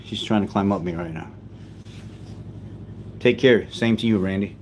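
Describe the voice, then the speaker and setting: A man hosting a casual livestream, chatting gently and unhurriedly as a father while he tends his baby. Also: lowish voice, moderate pace, a little hiss or hum.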